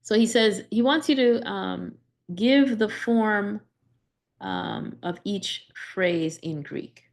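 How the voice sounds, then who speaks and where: A woman's voice: mid-range voice, slow pace, vocal fry, a little mellow. A woman teaching a Greek grammar class, explaining step by step with frequent "right?" checks and restarts. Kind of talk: live class lesson.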